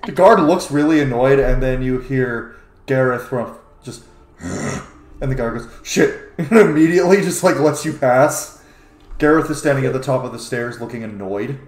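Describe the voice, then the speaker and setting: A man's voice: medium pitch, moderate pace, darkish tone. A man narrating as game master in a casual, loose way. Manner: casual, loose, with fillers and laughs. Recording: roomy echo.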